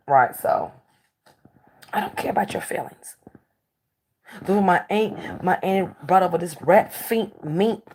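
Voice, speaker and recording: A woman talk show host telling stories in casual chat, blunt and candid, swinging between animated outbursts and hushed asides. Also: fairly low pitch, vocal fry, husky.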